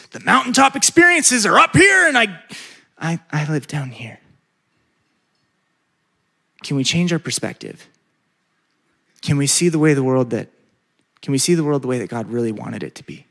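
A man preaching a sermon, stretching out repeated words for emphasis and leading the congregation in call-and-response. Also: fairly high pitch. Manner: emphatic, drawn-out repetitions, leads call-and-response. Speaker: pastor.

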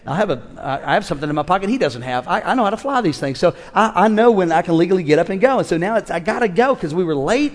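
Animated preacher man in a large hall. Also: sits high. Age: 50s. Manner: animated preacher, shifts from shouting to quiet storytelling. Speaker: pastor. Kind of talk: sermon. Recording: long reverb of a large hall.

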